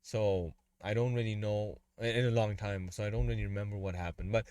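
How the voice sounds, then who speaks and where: A man's voice: on the low side, steady tone, fairly quick, a little mellow, clean tone, dry recording. A man hosting a music reaction, casually breaking down lyrics in loose, run-on asides.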